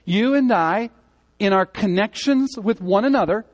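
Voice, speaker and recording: A man giving a sermon as pastor, speaking conversationally and swinging between loud emphatic moments and quiet earnest ones. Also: high-pitched, unhurried. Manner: conversational preaching, rising and falling in emphasis.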